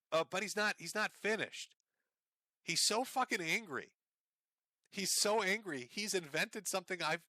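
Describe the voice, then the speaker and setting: A man's voice: fairly high pitch, sharp tone, dry recording, studio quality. A man hosting a commentary show, talking sarcastically over clips, often laughing and swearing. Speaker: commentary host.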